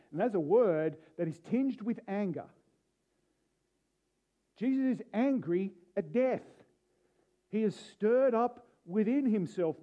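A man's voice: sits high, warm tone. A man preaching a sermon earnestly, building to emphatic peaks as he reads and explains a passage. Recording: dull lo-fi sound.

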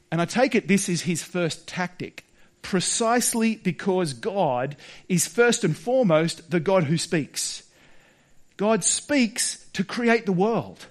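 A man with a fairly high, light voice preaches. He talks earnestly, pressing his listeners with rhetorical questions. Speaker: pastor. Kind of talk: sermon.

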